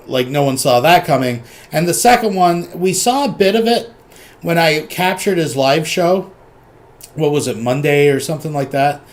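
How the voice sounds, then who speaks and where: A man hosting a commentary show, chatty, often addressing listeners as folks. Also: on the high side. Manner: chatty, keeps saying "folks". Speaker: commentary channel host. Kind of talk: casual commentary.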